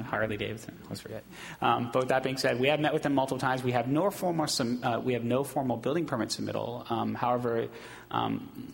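A man on city staff giving a steady, fairly monotone report at a public meeting, with frequent ums. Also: medium pitch, creaky, husky. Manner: steady, self-described monotone, many ums. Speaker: city staff presenting to council. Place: city council chamber. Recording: long hall reverb in council chamber.

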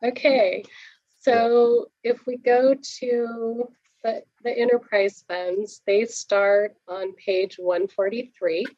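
A woman on staff presenting a budget report to a board at a public meeting, brisk and explanatory, with frequent fillers. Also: fairly high pitch, flat delivery, no room sound, muffled recording.

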